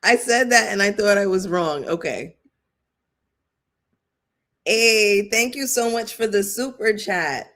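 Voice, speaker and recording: A woman hosting a casual live-chat commentary stream, chatting loosely with frequent fillers, shout-outs and asides to viewers. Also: medium pitch, slow pace, pauses often. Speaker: YouTube commentary host.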